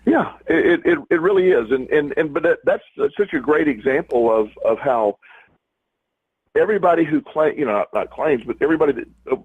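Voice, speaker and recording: Middle-aged male co-host, casual rambling talk, husky tone, thin phone-line audio. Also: a little high, expressive, brisk, no room sound. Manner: rambling, many restarts and repeated words. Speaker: podcast co-host. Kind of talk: casual chat.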